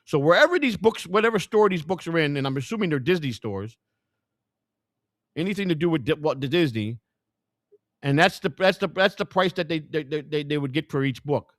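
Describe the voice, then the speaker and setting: A man hosting a live stream, rambling and swearing as he thinks out loud to his chat. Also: a little high, animated, a little fast, no echo, studio quality. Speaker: livestream host. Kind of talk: casual live-stream commentary.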